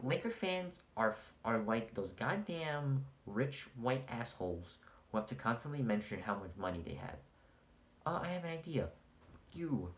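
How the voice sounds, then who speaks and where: A man's voice: medium pitch, fairly bright tone, reverberant. A man ranting in a heated, sarcastic and profane sports vlog, mocking fans of a basketball team. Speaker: sports commentator.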